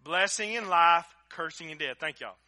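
Male pastor, sermon, higher voice with a sharp, driving edge, folksy, swings loud to hushed. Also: animated, moderate pace. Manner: swings from loud emphatic preaching to quiet, close appeals; folksy, conversational, with direct address to the congregation. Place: church service.

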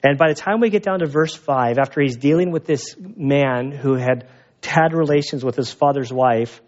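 A man's voice: mid-range voice, normal speed, highs cut off. Man preaching a conversational sermon. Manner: conversational storytelling with animated asides. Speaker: pastor.

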